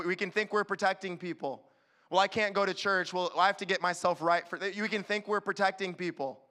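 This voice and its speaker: Youth pastor guy preaching, high bright voice, lively, does quick little voices. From California. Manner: animated, acts out quick voices. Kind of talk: sermon.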